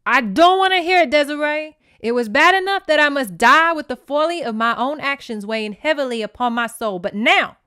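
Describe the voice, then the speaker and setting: A woman's voice: on the low side, fairly bright tone, no room sound, clean studio sound. A woman voicing a stern, disappointed imprisoned father, reading his reproaches dramatically. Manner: dramatic, reproachful, read aloud.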